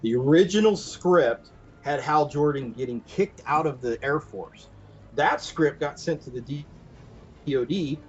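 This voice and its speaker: A man telling stories casually as a podcast guest, animated, acting out quoted voices and laughing often. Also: fairly high pitch, measured pace, lo-fi sound. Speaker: guest, prop and costume maker. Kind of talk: casual storytelling in a podcast interview.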